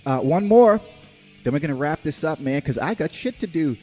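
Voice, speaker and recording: A man's voice: on the high side, animated, moderate pace, warm tone, faint music behind. A man hosting a casual podcast, reviewing a movie in a rambling, profane way with lots of fillers. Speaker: podcast host.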